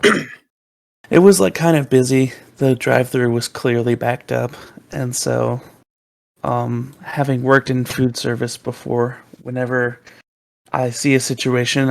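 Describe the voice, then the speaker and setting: A young man on a podcast, telling a rambling story with plenty of fillers and restarts. His voice has a gravelly, creaky texture at a middle pitch. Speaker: podcast co-host. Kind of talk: casual storytelling.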